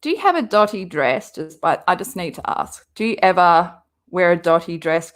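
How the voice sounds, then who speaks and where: An Australian woman runs a livestream, rambling casually as she answers comments from her viewers. Her voice is on the low side and very animated, at a moderate pace.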